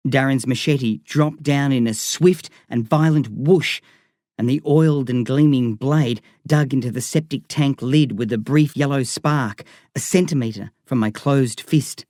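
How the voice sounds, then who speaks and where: A man narrates a novel in a measured, vivid reading voice of middling pitch. The recording is close-miked and dry, with no room sound. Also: darkish tone, no echo. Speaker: audiobook reader. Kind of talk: scripted narration.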